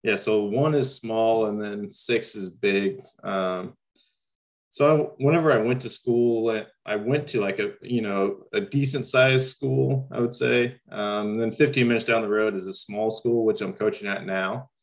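A man's voice: fairly low pitch, fairly even intonation, a little slow. A young man from Missouri, a new varsity coach, talking hesitantly with many ums and restarts. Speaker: guest basketball coach. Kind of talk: casual interview talk.

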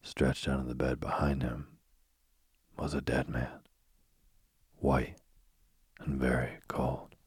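A man reading a spooky bedtime story in a soft, slow, husky whisper, close to the mic. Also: rumbling low, flat delivery, no echo.

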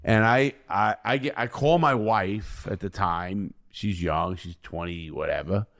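Prison stories come from an American former inmate in a casual interview, delivered bluntly and profanely with rambling restarts. His voice sits low with a fairly bright tone, and he speaks a little slowly.

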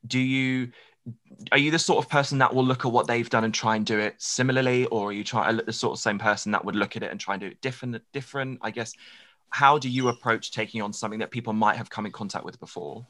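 A man's voice: mid-range voice, fast, a bit bright. A man hosting a podcast interview, chatting casually and gushing with praise for his guest. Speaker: podcast host.

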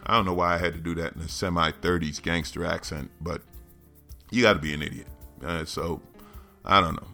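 A man's voice: deep voice, fairly even intonation, brisk, creaky, pushed and bright, faint music behind. A man hosting a podcast, riffing sarcastically and animatedly on news stories. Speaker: podcast host. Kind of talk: comedic news commentary.

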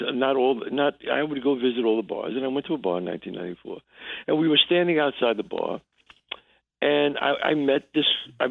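A man with a gravelly voice, a guest actor telling a story in a halting way, full of restarts. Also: dry recording. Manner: halting, restarts often, acts out quotes in a low voice. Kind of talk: casual storytelling interview. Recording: tinny phone line.

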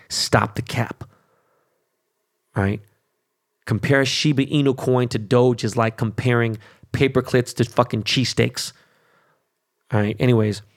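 Gravelly-voiced blunt podcast host, a man. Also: medium pitch. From Los Angeles. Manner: blunt, heavy swearing, keeps asking "okay?". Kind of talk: casual profane podcast rant.

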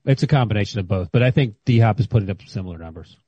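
40s guy co-hosting a sports pod, fast and teasing, dry sound. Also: lowish voice, lively intonation, dark tone, breathy edge, no room sound, dull audio. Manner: quick, teasing. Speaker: podcast co-host. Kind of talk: casual sports banter.

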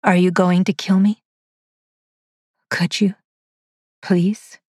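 A woman's voice: lowish voice, level tone, slightly rough, no echo, clean studio sound. A woman voicing a weary android heroine. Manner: quiet, measured and tired. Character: weary female android, soft-spoken and resolute. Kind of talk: audio drama reading.

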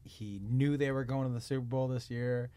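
A man's voice: medium pitch, normal speed, clear, resonant tone. A man co-hosting a podcast, telling stories in casual chat, swearing freely and acting out what people said. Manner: animated storyteller, swears freely, acts out quotes. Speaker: podcast co-host.

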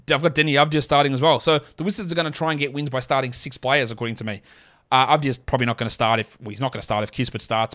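A man hosting a solo podcast, talking in an opinionated way with quick asides and self-deprecating jokes. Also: medium pitch, a bit bright. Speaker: podcast host. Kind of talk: solo fantasy basketball podcast.

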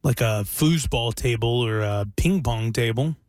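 A man's voice: mid-range voice, measured pace, darkish tone, dry recording. A man co-hosting a radio show in the studio, chatting casually and rambling with restarts. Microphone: studio microphone.

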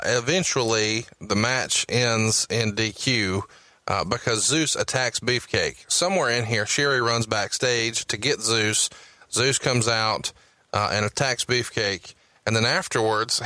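Southern male podcast host, methodical questioner, crisp forward tone. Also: medium pitch, bright, forceful tone, no echo. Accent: Southern US, Alabama. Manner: methodical, reads out dates and questions. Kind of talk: interview with research recap.

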